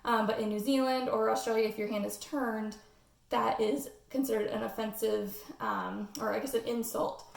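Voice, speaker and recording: A woman's voice: a little high, flat delivery, normal speed, gravelly, recorded from a distance. Hesitant American woman, echoey room. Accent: General American. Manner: hesitant, many "um" fillers. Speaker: student presenting a class assignment. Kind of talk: casual spoken class presentation.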